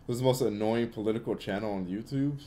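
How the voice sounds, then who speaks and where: A man's voice: on the low side, dark tone. A young man hosting a casual gaming Q&A livestream, giving blunt opinions in loose, filler-heavy talk. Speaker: livestream host answering chat.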